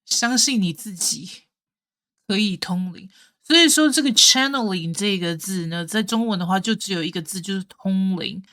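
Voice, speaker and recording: A woman hosting a reaction video, relaxed and thinking aloud as she comments, mixing in English words. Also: mid-range voice, moderate pace, no echo, clean studio sound.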